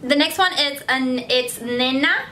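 A woman's voice: high-pitched, unhurried, bright, forceful tone, a little hiss or hum. A woman beauty vlogger chatting casually to camera, effusive and gushing, often repeating herself. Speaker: beauty vlogger answering fan questions.

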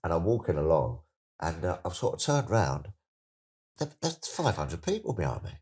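A middle-aged man with a deep, low voice tells his stories in a loose, chatty way. He is an interview guest who keeps sliding into lively, excited voices when he acts out what people said. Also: normal speed. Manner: chatty, animated anecdotes, slips into excited put-on voices. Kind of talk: casual storytelling interview.

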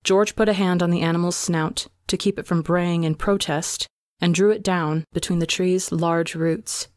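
A woman narrating a fan story aloud for a podcast in a measured, dramatic storytelling manner. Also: fairly low pitch, fairly even intonation, darkish tone, no room sound, studio quality. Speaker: podcast reader.

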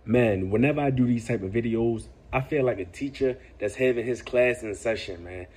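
Laid-back male vlogger, husky and mellow, casual lecturing commentary. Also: mid-range voice, normal speed. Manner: laid-back, lecturing, peppers talk with "man" and "bruh".

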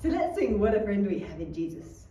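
A woman's voice: mid-range voice, big pitch swings, fairly quick, mellow, reverberant, far from the mic, soft background music. A woman teaching children's Sunday school, talking to the kids in an encouraging, playful way as she leads songs and prayer.

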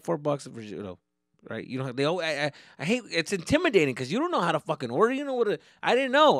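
A man's voice: mid-range voice, dry recording, studio quality. A man hosting a comedy podcast, talking casually and profanely, dropping Spanish slang into his English. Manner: animated storytelling, acts out exchanges.

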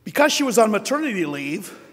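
A man's voice: high-pitched, very animated, fairly quick, fairly bright tone. An older man giving a humorous, self-deprecating award acceptance speech, telling anecdotes in a wry tone. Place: large hotel ballroom at a conference. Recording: long hall reverb.

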